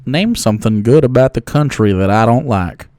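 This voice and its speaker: A man's voice: mid-range voice, expressive, normal speed, darkish tone. A man streaming political commentary, mocking and heckling a clip with a lot of swearing.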